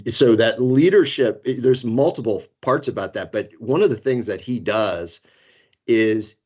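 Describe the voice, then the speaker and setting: A man's voice: medium pitch, measured pace, a little mellow. A man in his fifties from the Florida Keys, a guest in a casual podcast interview. He rambles through self-deprecating stories and chuckles as he goes. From Florida Keys, United States. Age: 50s. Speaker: guest, safety consultant. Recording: dull lo-fi sound.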